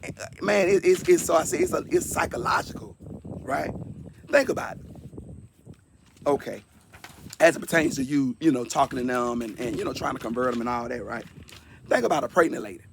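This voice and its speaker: A man in his fifties shares a personal testimony in an earnest, conversational way, often repeating words for emphasis. His mid-range voice is gravelly and brisk, with big pitch swings and long pauses, and there is background noise.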